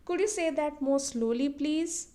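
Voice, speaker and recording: Slow, patient woman teaching phrases. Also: warm tone. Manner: patient, repeats phrases slowly with lifted pitch. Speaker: language teacher. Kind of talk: instructional explanation with slow repetition drills.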